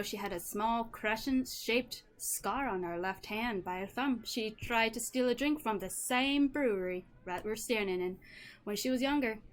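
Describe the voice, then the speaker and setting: A woman's voice: fairly high pitch, natural voice. A woman voicing a playful halfling village woman in an attempted Irish accent that slips toward Southern US, telling stories with frequent "aye". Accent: attempted Irish, slipping toward Southern US.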